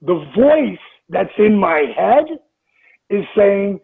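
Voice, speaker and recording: A gravelly, husky man in his sixties talks in a motivational interview. He is emphatic, loops back on key phrases and acts out inner voices. The sound is thin and phone-like. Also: high-pitched, animated, slow. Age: 60s. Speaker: interview guest. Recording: tinny phone-like line.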